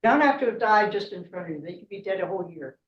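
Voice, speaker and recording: A woman voicing a calm, secretive talking snake that gives instructions in a storytelling talk. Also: medium pitch, fast, close to an everyday voice. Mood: confiding. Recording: echoey room, distant mic, dull sound.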